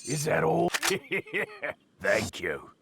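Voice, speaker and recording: An actor playing a mysterious hooded weapons merchant in a video game, with a gravelly, drawn-out delivery. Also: male voice, a little high, huge pitch swings, heavily acted. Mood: sly. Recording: game audio with background noise.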